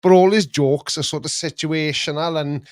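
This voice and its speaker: A man's voice: a little high, fairly even intonation, moderate pace, dry recording, studio quality. A man hosting a casual live stream, chatting in a rambling, jokey way with many restarts. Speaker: host.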